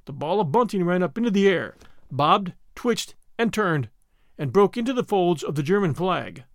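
A man narrating an adventure story in an expressive storytelling manner. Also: high voice, normal speed, no echo, clean studio sound. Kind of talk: scripted narration.

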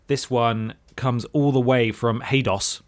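A man's voice: mid-range voice, fairly even intonation, takes it slowly. A man co-hosting a casual podcast chat, enthusiastic and leading the segments. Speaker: podcast co-host.

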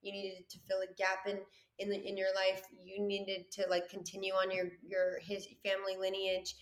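A woman's voice: medium pitch, completely flat delivery, moderate pace, roomy sound. A woman guest, a business owner, speaking candidly and earnestly in a casual interview. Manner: candid and earnest, many fillers.

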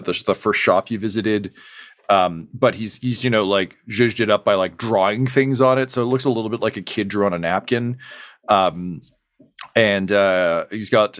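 A young man narrates a tabletop game in a fairly low voice. He rambles, hunting for words with many ums and uhs. The sound is dry and close. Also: fairly bright tone, no room sound. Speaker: game master.

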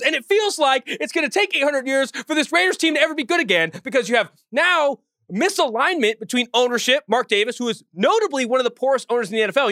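Fast, bright-voiced man ranting. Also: very high voice, dry recording, clean studio sound. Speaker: podcast co-host. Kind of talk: sports podcast talk.

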